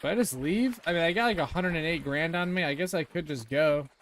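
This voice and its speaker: A man's voice: on the high side, a little fast, fairly bright tone, a little hiss or hum. A young man streaming a game, chatting casually and rambling with lots of fillers and swearing. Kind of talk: casual gameplay chat.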